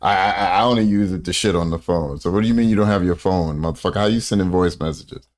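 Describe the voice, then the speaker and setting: A man's voice: deep voice, fast talker. A man hosting a reaction commentary, mocking and profane, rambling as he talks. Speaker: commentary host.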